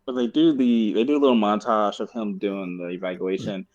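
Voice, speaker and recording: A man's voice: on the low side, fairly even intonation, brisk, a little mellow, muffled recording. A man co-hosting a podcast in casual chat, rambling and often breaking into laughter. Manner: rambling, giggly storytelling. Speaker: podcast co-host.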